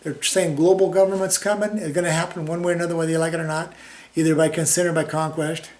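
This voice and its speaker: Guy preaching end times stuff, kinda high voice, urgent, keeps repeating himself. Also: flat delivery, fast, darkish tone. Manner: urgent, repetitive, folksy, restarts often. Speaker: online preacher. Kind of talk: informal prophecy talk.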